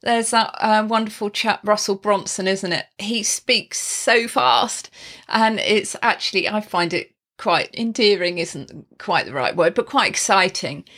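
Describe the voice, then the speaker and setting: Slow, expressive woman voice teacher. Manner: expressive, demonstrates pitch and volume changes while explaining; chatty, with frequent laughs and asides. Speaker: singing teacher giving video tips. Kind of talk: casual spoken tutorial.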